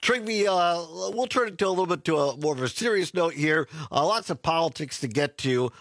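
Chatty Wisconsin talk radio host. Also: male voice, a little high, lively intonation, brisk, fairly bright tone, dry recording, studio quality. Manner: chatty, laughs between phrases, many fillers. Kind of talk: casual political talk radio.

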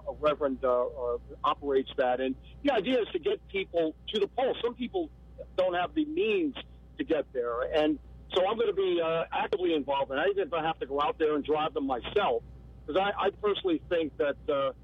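A man with a New Jersey accent calling in to a radio show, earnest and halting. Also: on the high side, breathy edge. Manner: earnest, hesitant restarts. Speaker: caller. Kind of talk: phone-in call. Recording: muffled phone line.

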